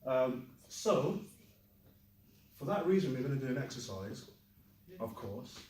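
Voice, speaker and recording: Lively male teacher quizzing his class. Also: mid-range voice, measured pace, roomy sound, distant mic, a little hiss or hum, poor audio. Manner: lively, asks the class questions, jokes. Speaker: Chinese teacher. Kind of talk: classroom lesson.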